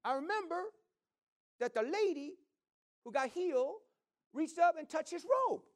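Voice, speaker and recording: A male pastor voicing an eager, earnest woman from his congregation as she tells of her healing, in a high, breathless and excited voice. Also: a little slow.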